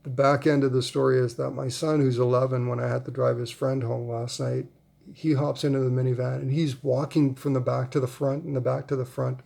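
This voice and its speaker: Gravelly amused man telling a story. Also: mid-range voice, level tone, a little fast, mellow. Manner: rambling, amused, laughs often. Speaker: vlogger. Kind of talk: casual storytelling.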